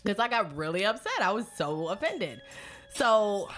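A middle-aged woman hosting a podcast, telling a story in a profane, animated way and acting out what people said. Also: medium pitch, normal speed, soft background music. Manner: animated storytelling, profane, acts out quotes loudly. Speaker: podcast host. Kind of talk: casual podcast chat.

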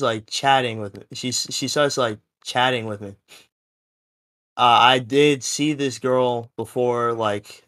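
A man's voice: mid-range voice, fairly bright tone. A seventeen-year-old young man telling a story in a casual podcast chat, rambling and full of fillers. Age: teens. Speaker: podcast co-host.

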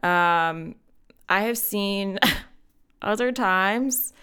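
Woman, 30s, solo podcast host; chatty and giggly, slow delivery, smooth clear tone. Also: mid-range voice, sharp tone. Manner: chatty, addresses listeners directly, laughs often. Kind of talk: casual solo podcast monologue.

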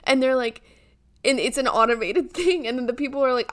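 Brief: young woman from the US, podcast co-host, giggly and rambling, voice sits a bit high. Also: fairly quick. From United States. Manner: giggly, rambling with many fillers. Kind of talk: casual chat.

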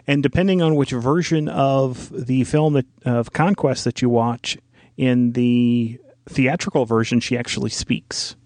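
A man's voice: medium pitch, fairly even intonation, a little slow, a little mellow, no echo. A man co-hosting a podcast, explaining film trivia at length in casual conversation. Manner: informative, explains details at length. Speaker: podcast co-host.

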